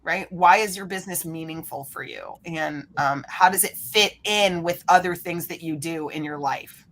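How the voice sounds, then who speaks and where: Woman, podcast guest, energetic, lively, acts out quotes. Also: lowish voice, normal speed. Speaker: guest, referral coach. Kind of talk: animated podcast interview talk.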